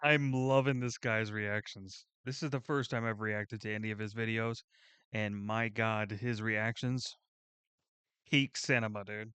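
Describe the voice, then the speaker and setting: Excitable, rambling guy. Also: fairly low pitch, unhurried, clean tone, no room sound. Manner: rambling, excitable, swears casually. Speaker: reaction video host. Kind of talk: casual reaction commentary.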